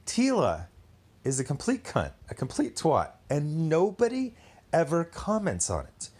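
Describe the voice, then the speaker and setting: A man's voice: fairly high pitch, wildly swooping pitch, a little slow, darkish tone, husky. A man giving blunt, sarcastic commentary on a show, acting out quoted lines in mocking voices. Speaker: video commentator. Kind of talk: opinionated commentary.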